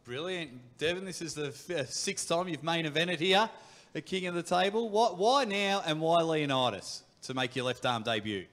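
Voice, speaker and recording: A man's voice: on the high side, normal speed, a bit bright. A man hosting a press conference, announcing fighters and hyping the matchups. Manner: hype-building, announcing fighters. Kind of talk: emcee patter at a press conference.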